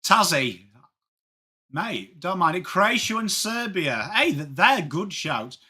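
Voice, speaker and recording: A man's voice: sits high, sing-song, takes it slowly, sharp tone, husky. An English man hosting a casual live sports watchalong, chatting with viewers and greeting them by name. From England. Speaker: livestream host.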